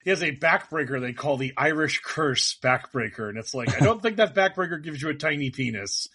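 A man's voice: fairly high pitch, animated, brisk, bright, forceful tone, breathy edge. A middle-aged man hosting a comedic podcast, riffing jokily with guests and often restarting his sentences. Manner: jokey, riffing, many restarts. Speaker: podcast host. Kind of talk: casual comedic podcast chat.

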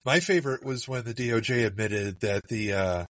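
A man in casual political chat who pauses often while searching for words. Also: lowish voice, a bit bright, no echo, far from the mic. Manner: easygoing, hesitant, searching for words. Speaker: podcast co-host.

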